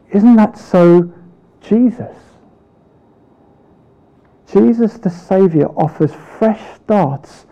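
High-voiced preacher, earnest. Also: male voice, mellow, poor audio. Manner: earnest, rhetorical questions, slow emphatic pauses. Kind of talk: sermon.

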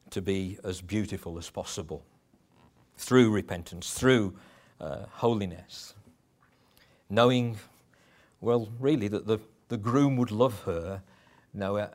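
A man's voice: on the low side, slow pace. A middle-aged man preaching a sermon in a conversational way, with chuckles and restarts.

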